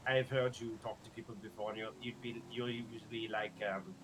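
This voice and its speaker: A man's voice: on the low side, steady tone, brisk, noisy background, close to an everyday voice. A man doing a chatty French lifeguard. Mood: friendly. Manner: chatty, rambling, laughs often, struggles with his R's. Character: easygoing young male French lifeguard and medic. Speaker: roleplay streamer. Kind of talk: casual in-character roleplay chat.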